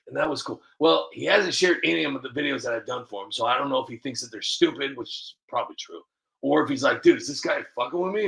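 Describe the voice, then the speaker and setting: A man's voice: medium pitch, creaky, pushed and bright. A man, a video creator, rambling casually to the camera with many restarts and fillers, often laughing at himself.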